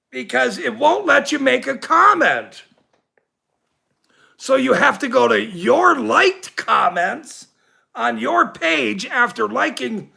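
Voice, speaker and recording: A middle-aged man hosts a casual livestream, rambling slowly through an indignant rant and laughing readily. His unusually high voice is very gravelly with a bright edge, and his pitch swings widely.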